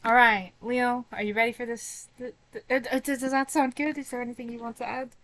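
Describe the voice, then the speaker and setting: A woman's voice: on the high side, level tone, a little fast, a bit bright, no echo. A woman playing a tabletop game, chatty and playful, often restarting her sentences. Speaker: player. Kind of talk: casual play at a tabletop game.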